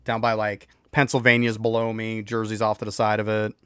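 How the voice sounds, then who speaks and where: A man's voice: on the low side, monotone, fairly quick, sharp tone, smooth, no room sound, studio quality. A man from upstate New York with a mild local accent, chatting bluntly with his live-stream viewers about gaming. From New York State, outside the city. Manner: blunt, talks back to chat, laughs between points.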